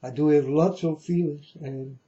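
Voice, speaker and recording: A man's voice: on the high side, steady tone, normal speed, dark tone, dull audio. Earnest man warning his folks. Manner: repetitive, earnest, addresses listeners as folks. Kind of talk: rambling spoken warning to viewers.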